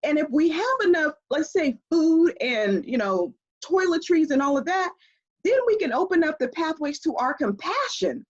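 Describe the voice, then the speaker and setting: Over a video call, a woman appears as an expert guest in a conversational interview, explaining things animatedly and laughing often. Her voice is high, at normal speed, with the highs cut off.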